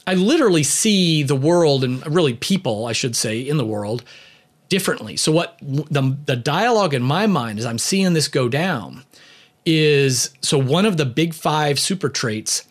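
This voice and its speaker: A man's voice: a little high, expressive, moderate pace. A man talking about leadership and personality in a casual storytelling monologue, with lots of "you know" fillers and light chuckles. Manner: conversational, many "you know" fillers, chuckles while telling.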